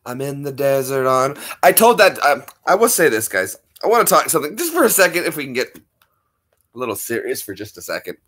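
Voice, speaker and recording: Chatty man with a bright voice. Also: mid-range voice, very animated, brisk, slightly rough. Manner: rambling, chuckling, self-interrupting. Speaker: channel host. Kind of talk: casual chat.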